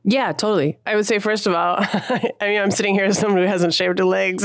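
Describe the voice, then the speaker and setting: A woman's voice: mid-range voice, steady tone, normal speed, no echo, clean studio sound. A woman musician in her thirties, talking casually and thoughtfully in an interview, using slang and laughing often. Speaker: musician guest.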